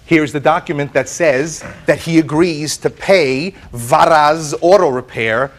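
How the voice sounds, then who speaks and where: Animated American man telling his story. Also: on the high side, unhurried, slight background noise. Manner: animated storytelling with repeated words and quoted voices. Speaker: plaintiff. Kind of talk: courtroom testimony.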